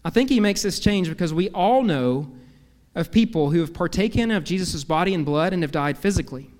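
A man's voice: high-pitched, expressive, a little fast, darkish tone, long reverb tail. A man preaching an earnest, emphatic sermon as pastor, asking rhetorical questions. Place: church sanctuary.

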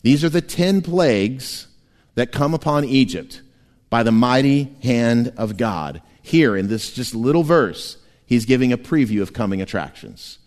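A man preaching a sermon as pastor, animated and playful, often laughing and slipping into quick voices. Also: medium pitch. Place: church sanctuary. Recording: long church hall reverb.

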